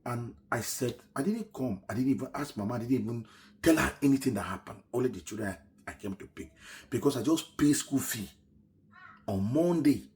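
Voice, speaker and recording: A middle-aged man with a Nigerian English accent tells a personal story, swinging from loud quoted lines down to near-whispers. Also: medium pitch, fairly quick. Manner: animated retelling, shouts quoted lines then drops to a near-whisper.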